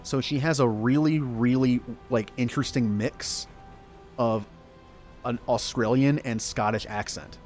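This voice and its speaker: A man from the southern United States gives casual gameplay commentary. His voice sits at an ordinary middle pitch, and his talk is chatty and rambling, with frequent laughs. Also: fairly even intonation, unhurried, darkish tone, soft background music. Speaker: gaming streamer.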